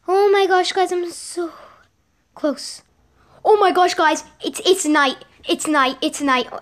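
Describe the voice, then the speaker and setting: A young girl giving excited commentary while playing a game at home, often repeating exclamations. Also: high voice. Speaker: gaming vlogger. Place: home with a sibling gaming nearby.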